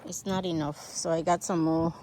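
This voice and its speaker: A woman vlogging casually outdoors on her farm, chatty and excitable, talking straight to her viewers from a handheld phone. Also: low voice, normal speed, noisy background. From United States. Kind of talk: casual vlog narration while working.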